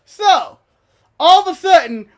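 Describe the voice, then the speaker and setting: A high-voiced man telling a story on a casual podcast. He is animated and profane and laughs often. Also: a little slow. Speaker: podcast co-host.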